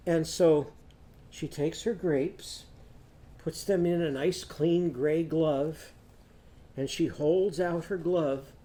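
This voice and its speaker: Slow, mellow-voiced male teacher. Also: on the high side. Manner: gentle, encouraging, speaks directly to young students. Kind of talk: children's lesson.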